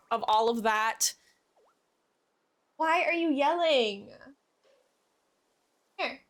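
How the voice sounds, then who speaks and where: A woman's voice: a little high, sharp tone. A young woman streaming from her room at home, chatting casually with viewers and talking to her cat in a baby voice, with hiccups. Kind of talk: casual live-stream chat.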